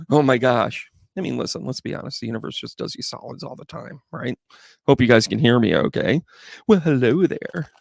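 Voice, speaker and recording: A man's voice: medium pitch, creaky, no room sound, studio quality. A man hosting a live tarot reading stream, chatting casually and playfully with viewers and rambling through jokey asides. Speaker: psychic medium and tarot reader, live stream host.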